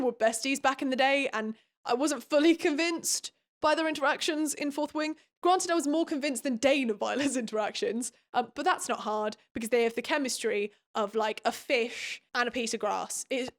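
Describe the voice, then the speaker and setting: A young British woman recapping a book in casual commentary, sarcastic and quick to giggle. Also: fairly high pitch.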